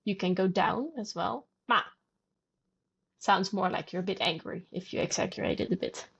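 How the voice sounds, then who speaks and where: A woman's voice: medium pitch, a little fast, vocal fry, slightly rough. A woman guest on a podcast, patiently explaining language and demonstrating sounds aloud. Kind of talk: conversational explanation.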